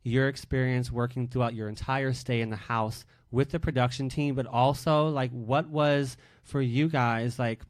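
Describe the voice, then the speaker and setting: A man hosting a casual radio interview, expressive and emotional, talking openly with his guests. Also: medium pitch, normal speed, hardly any pauses, no echo. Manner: expressive, emotional, animated when excited. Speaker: host.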